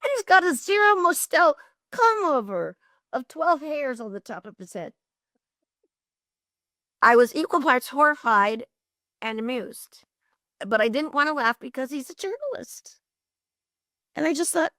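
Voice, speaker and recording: An older woman telling lively, expressive stories as an interview guest, often laughing. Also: sits high, measured pace, pauses often, dry recording, clean studio sound. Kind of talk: animated storytelling.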